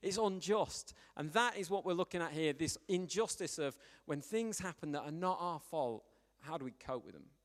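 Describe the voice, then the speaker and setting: A man gives a sermon, telling stories in a chatty, lively way. His voice sits a little higher than most men's. The church's long reverb trails after each phrase. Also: moderate pace. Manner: conversational, animated storytelling. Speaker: preacher.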